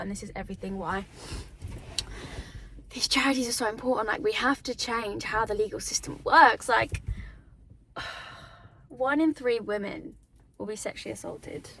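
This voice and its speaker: A woman's voice: a little high, a bit bright, a little hiss or hum. A woman vlogger talking candidly to camera, emotional and confessional, often tearful and laughing between fillers. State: tearful at times. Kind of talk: candid personal vlog to camera.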